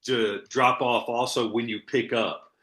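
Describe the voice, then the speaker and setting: A man's voice: mid-range voice, steady tone, unhurried, a bit bright, reverberant. A man hosting a business coaching call, giving advice in an encouraging, conversational way. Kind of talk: coaching chat on a video call. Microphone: video call.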